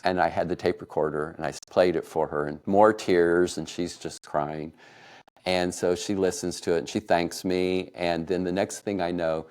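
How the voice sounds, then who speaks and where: A middle-aged man from Kansas telling a personal family story, emotional and laughing softly now and then. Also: low-pitched, fairly even intonation, normal speed. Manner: warm, emotional retelling with soft laughs. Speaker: podcast storyteller.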